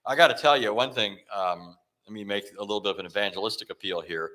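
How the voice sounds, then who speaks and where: A man's voice: on the low side, fast talker, sharp tone. A man giving a talk on apologetics, telling a story and acting out the dialogue with frequent restarts. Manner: frequent self-corrections and restarts. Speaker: Christian apologetics speaker.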